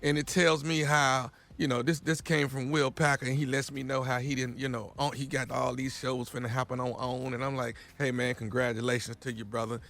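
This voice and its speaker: A man's voice: mid-range voice, flat delivery, fairly quick, creaky, hardly any pauses, fairly bright tone. A man on a morning radio show telling a comic story and reading an ad, acting out the dialogue. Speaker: radio comedian and prank caller.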